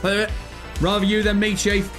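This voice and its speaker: A man's voice: sits high, monotone, moderate pace, a bit bright, soft background music. A man hosting a live stream, bantering with chat in hyped, slangy talk and reading out donations. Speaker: livestream host.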